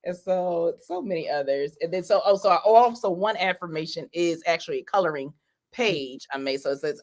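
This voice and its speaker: A woman who wrote a coloring book is a guest on a video call interview. Her voice is lowish and brisk, and she rambles casually, laughing often and using lots of fillers.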